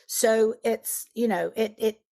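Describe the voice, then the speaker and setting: A middle-aged woman, an actress on a podcast, telling animated stories and acting out the people she quotes. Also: a little high, slow pace, gravelly. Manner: animated storyteller, acts out quotes. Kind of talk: casual interview chat.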